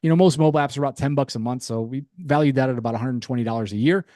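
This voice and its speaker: Fast-talking upbeat man pitching software. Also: no echo, studio quality. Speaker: webinar presenter. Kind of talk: sales pitch webinar.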